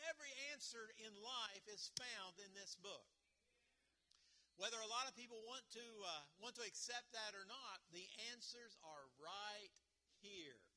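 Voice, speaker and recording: A man's voice: high-pitched, pushed and bright. A middle-aged man preaching a sermon as pastor, earnest, with repetition and rhetorical questions.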